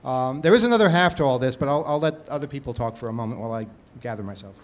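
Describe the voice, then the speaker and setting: A man's voice: medium pitch, animated, racing. Rambling, self-amused man hosting. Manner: rambling, laughs at himself, many restarts. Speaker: podcast host. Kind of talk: casual chat.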